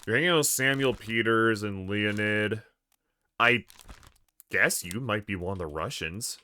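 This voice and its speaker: A man's voice: lowish voice, measured pace, pushed and bright, smooth. A man streaming a game, thinking aloud in a hesitant, musing way. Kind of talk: casual gameplay commentary.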